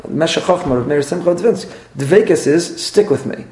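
A man, a rabbi teaching a class, lively and repetitive, acting out little dialogues as he lectures. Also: on the high side, normal speed. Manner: animated, repeats phrases and acts out little dialogues. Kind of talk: Torah class lecture with audience questions. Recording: roomy echoey room.

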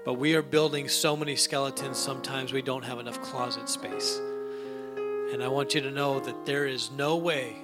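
A man preaching a sermon, telling a long joke story and addressing his congregation, sometimes rising to loud emphatic passages. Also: medium pitch, fairly even intonation, moderate pace, over loud music. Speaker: pastor. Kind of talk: sermon with an anecdote.

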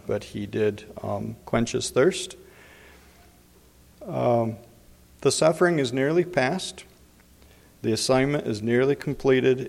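A man giving Bible teaching in an unhurried way, pausing often with fillers. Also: medium pitch, vocal fry, a little mellow. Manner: unhurried, frequent pauses and fillers. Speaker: preacher. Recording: long hall reverb.

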